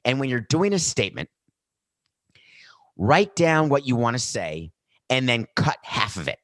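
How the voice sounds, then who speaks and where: A man's voice: medium pitch, measured pace, no room sound. A middle-aged man hosting a sports podcast, ranting sarcastically and mocking statements in a dry studio. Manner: sarcastic, animated rants with mock quotes. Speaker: podcast host. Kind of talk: opinionated sports commentary. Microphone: studio microphone with earpiece.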